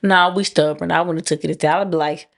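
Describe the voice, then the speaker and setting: A woman co-hosting a podcast in casual chat, blunt and teasing and quick to laugh. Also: sits low, steady tone, gravelly. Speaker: podcast co-host.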